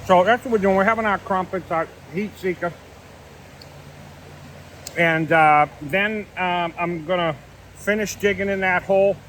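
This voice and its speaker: A man's voice: sits high, measured pace, long pauses, fairly bright tone, slight background noise, poor audio. A man hosting a casual outdoor prospecting vlog, talking in an easygoing, rambling, folksy way at a dig site. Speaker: gold prospecting vlogger.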